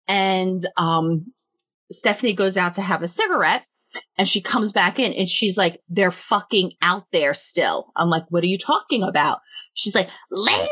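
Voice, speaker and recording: A woman's voice: medium pitch, husky. A woman recounts a night out in easy, casual chat, peppering her story with swearing and laughter. The sound is close and dry, with no room echo. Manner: animated, swears freely, laughs mid-story.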